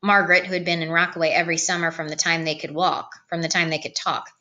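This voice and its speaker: A woman reading a novel aloud as an audiobook narrator, in a calm, even read-aloud manner. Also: fairly low pitch, quick pace, dull audio. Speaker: audiobook reader. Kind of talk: storybook narration.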